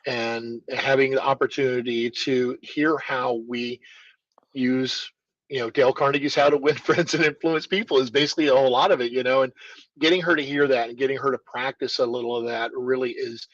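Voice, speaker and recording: Husky man telling lively stories. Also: medium pitch, a little fast, dry recording, highs cut off. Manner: animated storyteller, acts out quoted dialogue. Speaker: martial arts school owner, guest. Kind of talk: storytelling in a podcast interview.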